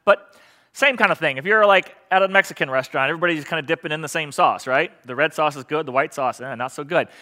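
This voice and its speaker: Lively high-voiced male preacher. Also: fast talker. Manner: animated and joking with the congregation. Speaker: pastor. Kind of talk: sermon. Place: church sanctuary.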